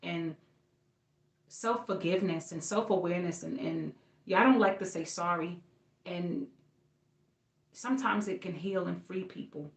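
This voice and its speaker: A woman's voice: fairly low pitch, unhurried, long pauses. A woman giving a casual astrology reading, talking to viewers in a loose, slangy, rambling way. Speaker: astrology reader. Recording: roomy echo.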